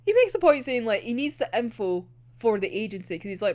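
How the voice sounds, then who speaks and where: A woman's voice: on the high side, sing-song, brisk, a little mellow. A young woman recapping a manga chapter in a gushing, casual way, laughing often and swearing freely. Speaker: manga reaction vlogger.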